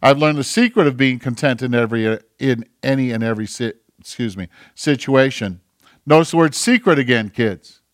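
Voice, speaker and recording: A male pastor preaching a sermon, moving between hushed asides and emphatic, rising exhortation. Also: mid-range voice, moderate pace, dry recording, studio quality.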